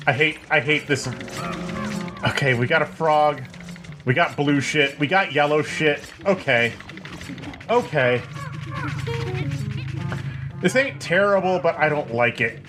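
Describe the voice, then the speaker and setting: A man giving let's-play commentary in a profane, joking, rambling way, with game music playing behind him. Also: a little high. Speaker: gameplay commentator.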